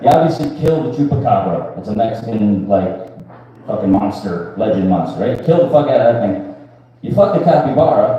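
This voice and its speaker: A man's voice: mid-range voice, warm tone. A man in his thirties doing a live stand-up set, crude and rambling, often asking the crowd "right?". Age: 30s. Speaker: stand-up comedian. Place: live comedy venue with a crowd. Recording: echoey room picked up from far off.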